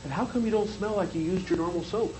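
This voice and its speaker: A man's voice: high voice, fast, background noise. A man teaching a hypnosis seminar, lecturing conversationally and checking in with the room. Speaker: hypnosis trainer.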